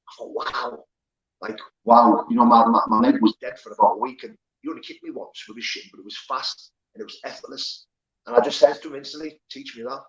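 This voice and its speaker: An interview guest who went from prison to professional fighting speaks frankly about his life, swearing and rambling with plenty of fillers. His voice sits at medium pitch, and the recording's highs are cut off.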